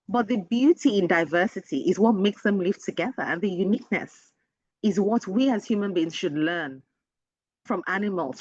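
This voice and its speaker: A woman's voice: medium pitch, darkish tone, no echo. A woman with a Nigerian accent, an educator giving a webinar talk in an earnest, emphatic and direct teacherly way. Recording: dull lo-fi dry sound.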